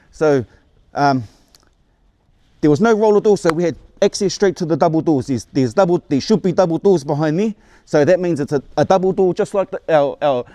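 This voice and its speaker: A man's voice: a little high, warm tone, no room sound, clean studio sound. A man, telling his own story to camera in a casual, rambling way, often restarting and repeating words and swearing freely. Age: 40s. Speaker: vlogger.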